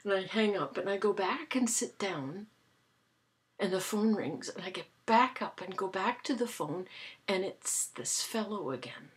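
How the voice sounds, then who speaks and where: A woman, casually telling stories to her camera in a dry, amused way, with soft breathy asides. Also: mid-range voice, lively intonation, a little slow. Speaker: vlogger. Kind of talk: casual chatty storytelling to camera.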